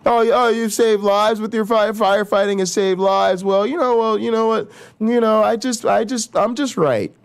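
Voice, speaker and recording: A man's voice: high-pitched, moderate pace, gravelly, smooth, pitched above the performer's own voice. A man voicing a smug, dismissive know-it-all who repeats himself in a raised, whiny voice. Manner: whiny, stubborn, repetitive.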